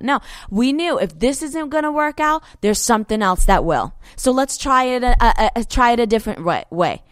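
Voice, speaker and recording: Animated woman giving faith encouragement. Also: a little high, normal speed, few pauses, no room sound, studio quality. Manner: animated, exhorting, repeats phrases for emphasis. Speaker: ministry co-host. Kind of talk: casual motivational faith talk.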